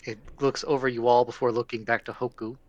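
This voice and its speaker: A man's voice: mid-range voice, level tone, fast talker, highs cut off. A man narrating a tabletop game as game master, describing scenes casually and with many self-corrections.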